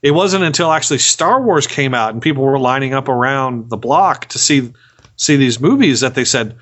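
A man's voice: mid-range voice, animated, normal speed, fairly bright tone, highs cut off. A man hosting a podcast in casual chat, rambling, repeating his words, and swearing for laughs. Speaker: podcast host.

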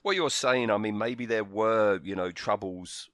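Low-voiced man, blunt and exasperated. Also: measured pace, fairly bright tone, no room sound, studio quality. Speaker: podcast co-host. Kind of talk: casual critique chat.

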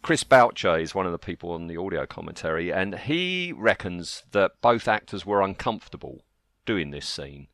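A British man with a fairly low voice chatting on a podcast, his pitch rising and falling a lot as he tells a story. The recording is dry and close. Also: big pitch swings, normal speed, fairly bright tone, dry recording. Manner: conversational, recounts and quotes sources. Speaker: podcast co-host. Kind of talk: casual chat.

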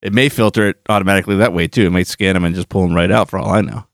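A man with a low voice and fairly even intonation talks very fast while hosting a relaxed podcast. Rambling and self-correcting, he laughs without much prompting, in a studio-quality recording free of room sound.

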